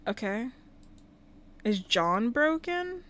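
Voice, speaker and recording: A woman's voice: fairly high pitch, sing-song, drawn-out words, a bit bright. A woman casually commenting while livestreaming a life-sim game, talking to the characters and thanking viewers. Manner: chatty, talks to game characters and chat.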